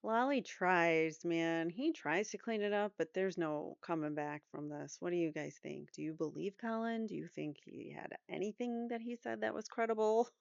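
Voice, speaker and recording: A woman's voice: fairly low pitch, normal speed, gravelly, few pauses, clean tone, no room sound, muffled recording. A woman hosting a true crime commentary channel, talking casually and outspokenly to her viewers. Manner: outspoken, exasperated, chatty.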